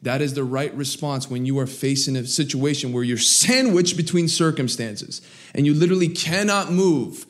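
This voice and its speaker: A man preaching a sermon, swinging between raised, emphatic lines and low, quiet asides. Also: normal speed. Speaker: pastor.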